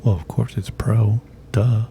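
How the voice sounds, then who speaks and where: A man's voice: lowish voice, steady tone, unhurried, gravelly, warm tone, a little hiss or hum. A man off to the side of the mic, reading viewer comments aloud in a dry, joking way during a live art lesson.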